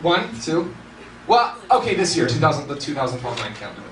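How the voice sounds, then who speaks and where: A young man doing stand-up comedy in a large hall, animated and laughing often, with bursts of shouting. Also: fairly high pitch, a little fast. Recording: roomy hall, distant mic, noisy.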